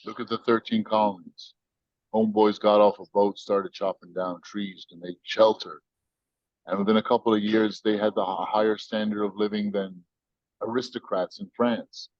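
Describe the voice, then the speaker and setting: A man's voice: fairly low pitch, fairly even intonation, moderate pace, darkish tone, no echo, highs cut off. An American man, a company founder, talking as a guest in an emphatic, slangy, preachy storytelling way. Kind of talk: animated storytelling interview.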